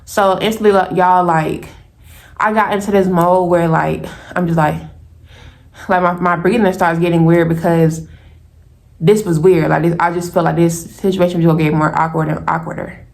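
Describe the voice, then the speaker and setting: A young woman in her twenties telling a personal story to her viewers in a lively, casual way, calling them y'all. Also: fairly low pitch, normal speed, creaky. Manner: animated, talks straight to viewers as y'all.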